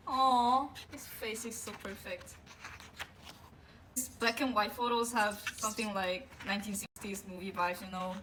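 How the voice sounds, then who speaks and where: A woman unboxing a music album and gushing over it in a casual way, with frequent gasps and a drawn-out delivery full of fillers. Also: mid-range voice, noisy background. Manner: excitable, gasps often, gushing. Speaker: vlogger.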